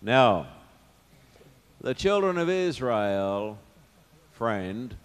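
A man preaching a sermon, swinging from loud declarations to hushed, intimate asides. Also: mid-range voice, big pitch swings, extremely slow, clean tone. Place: church or meeting hall. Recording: long hall reverb.

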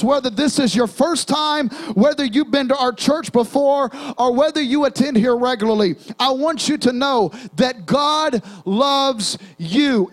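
Young male pastor, very high voice, rousing call-and-response sermon with sung hymn lines. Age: young adult. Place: church sanctuary.

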